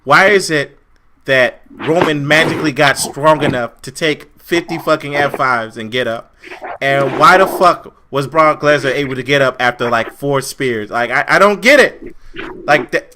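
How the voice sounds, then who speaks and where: A man's voice: medium pitch, normal speed, background noise. A young man co-hosting a casual wrestling review podcast, ranting with lots of swearing and repetition. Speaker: podcast co-host.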